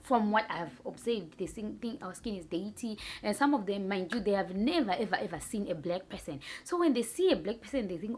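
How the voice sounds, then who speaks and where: A woman's voice: medium pitch, expressive, fairly quick, hardly any pauses, darkish tone. A woman from Zimbabwe, vlogging in a frank, storytelling way about her own experience. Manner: frank storytelling, mimics others' voices. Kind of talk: casual talk to camera.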